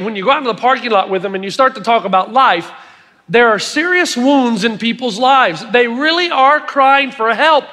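A middle-aged man preaches a sermon in a strikingly high, bright voice. He tells stories with emphatic asides to the congregation. The sound rings with long reverb from a large hall. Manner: storytelling, emphatic with audience asides.

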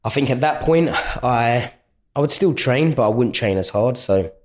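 A young man with a London accent talks casually on a podcast, slipping into bright, higher voices whenever he quotes strangers. His tone stays mid-pitched and easygoing, rambling through stories with plenty of "you know what I mean". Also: animated, moderate pace. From England. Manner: chatty storyteller, acts out quotes in a higher voice. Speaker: UFC fighter guest.

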